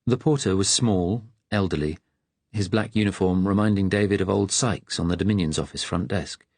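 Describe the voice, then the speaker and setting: A man reading an audiobook in steady, measured scripted narration. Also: low voice, slightly rough, no room sound.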